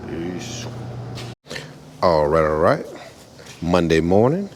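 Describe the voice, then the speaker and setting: A low-voiced man gives a relaxed, chatty shop update as an auto painter. He keeps circling back to the same phrases and tosses in "man" often. A steady hum of machinery fills the background. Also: unhurried, pauses often. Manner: laid-back, repeats phrases, peppers talk with "man". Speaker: automotive painter. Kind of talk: casual shop vlog.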